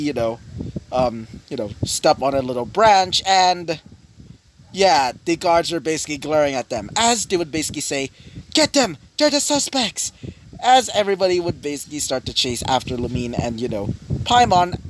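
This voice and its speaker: A man narrates an improvised fan story, wandering through it with fillers and restarts. His voice sits a bit high and swings widely in pitch. The recording carries clear background noise. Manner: rambling, many fillers and restarts. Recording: noisy home recording.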